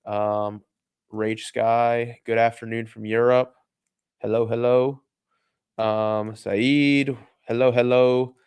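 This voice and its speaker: A man's voice: medium pitch, level tone, slow, darkish tone, clear, resonant tone, dry recording. A man hosting a casual livestream about markets, upbeat and greeting viewers by name. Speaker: show host.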